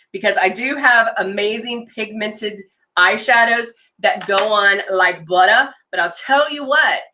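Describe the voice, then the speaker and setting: A makeup consultant with a sharp, high-leaning voice hosts a live demo, chatting casually as she shows off makeup. Her talk is enthusiastic and chatty, and she reads viewer comments aloud along the way.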